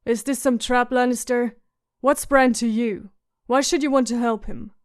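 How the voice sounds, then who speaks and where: Woman voicing a guarded teenage lord, awkward and stiff, fairly high voice. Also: steady tone, normal speed, clear, resonant tone, dry recording, clean studio sound, lightly acted. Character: wary young lord, teenage boy, stiff.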